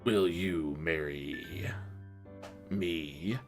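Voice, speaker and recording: A woman voicing a swaggering male samurai lord in a gruff pirate brogue, in a playful visual novel dub. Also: rumbling low, drawn-out words, faint music behind, pitched below the performer's own voice, full character voice. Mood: earnest.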